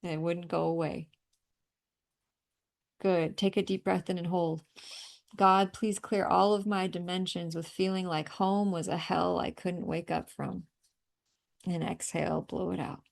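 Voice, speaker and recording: A woman leading a group energy clearing session, coaching listeners through breathing and tapping with emphatic, outspoken encouragement and the occasional swear word. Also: on the low side, steady tone, measured pace, pauses often. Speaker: energy healing facilitator.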